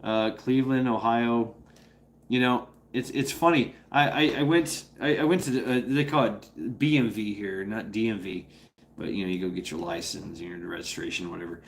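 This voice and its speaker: A man's voice: fairly low pitch, moderate pace, creaky, slight background noise. A man ranting loosely to a livestream audience, swearing freely and tripping over his own words as he restarts sentences. He breaks into short impressions of other people as he goes. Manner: profane, rambling, with many restarts. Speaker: streamer. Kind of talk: casual livestream rant.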